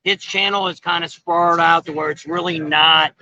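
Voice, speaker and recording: A middle-aged man rambles in a folksy, easygoing way to his livestream viewers from an outdoor patio. His voice is bright and sits a little high. The phone stream sounds dull and lo-fi. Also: steady tone, normal speed. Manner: rambling, folksy, many fillers. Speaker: vlog host. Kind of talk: casual livestream chat.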